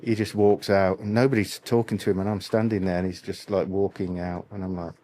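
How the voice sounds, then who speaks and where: A man's voice: sits low, little pitch movement, fairly quick, mellow. A middle-aged man co-hosting a podcast, chatting in a laid-back way, swearing casually and often giving short agreeing replies. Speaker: podcast co-host. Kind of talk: casual chat about guitarists.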